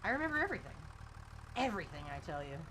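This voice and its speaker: A woman's voice: mid-range voice, very animated, rapid-fire, background noise. A woman live-streaming casual chat from a farm while driving a tractor, chatty and laughing often as she answers her viewers.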